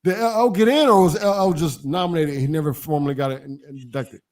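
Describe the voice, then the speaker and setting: A man's voice: on the high side, fairly quick. A man co-hosting a casual live stream, talking in a laid-back, hesitant way with frequent restarts. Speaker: co-host.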